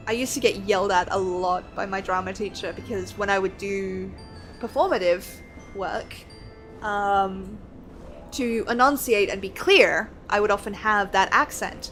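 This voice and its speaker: A woman's voice: medium pitch, a bit bright. A young woman streaming a game, chatting casually and rambling, laughing often. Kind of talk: casual gameplay chat. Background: faint game music.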